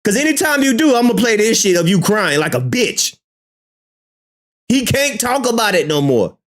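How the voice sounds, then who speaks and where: Male streamer, exasperated and profane, very lively pitch, keeps circling back on the same words. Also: moderate pace. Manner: profane, exasperated, repeats himself, swings from shouting to muttering. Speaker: streamer reacting to a song. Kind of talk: live-stream reaction.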